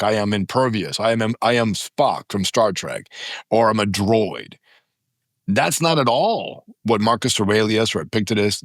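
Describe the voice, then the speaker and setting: A man's voice: on the low side, husky, no echo, studio quality. A man in his fifties, a podcast guest, telling stories emphatically and acting out the people in them. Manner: emphatic, dramatizes stories with quoted voices. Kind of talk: animated storytelling in conversation. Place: podcast studio.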